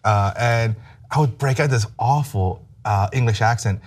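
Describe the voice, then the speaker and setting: A man's voice: medium pitch, moderate pace, breathy edge. A middle-aged American man telling self-mocking stories in a casual chat. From United States. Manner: animated storyteller, self-mocking.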